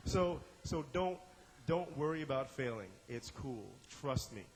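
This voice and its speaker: A man's voice: a little high, animated, unhurried, in a large hall, slight background noise, rough recording. A man teaching an improv class, talking with energy, acting out short examples in character voices and often repeating and restarting his words. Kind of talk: instructional talk to a class.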